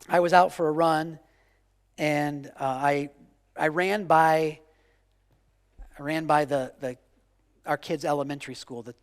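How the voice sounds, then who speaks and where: A man in his forties preaching a sermon with passion, repeating phrases and swinging from loud declarations to hushed, quiet lines. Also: a little high, in a large hall. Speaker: pastor.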